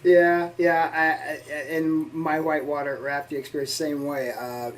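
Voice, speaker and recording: A man's voice: a little high, level tone, a little slow, distant mic, slight background noise, poor audio. A male co-host of a reaction video chatting in an easygoing, agreeable way, rambling a bit as he shares his own story. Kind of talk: casual reaction chat.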